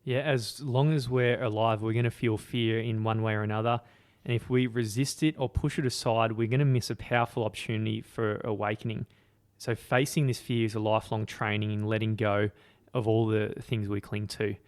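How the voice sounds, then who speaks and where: A man's voice: fairly low pitch, steady tone, fairly quick, clear, resonant tone. A young man co-hosting a casual book podcast, summing up ideas in a blunt, self-mocking way. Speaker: podcast co-host.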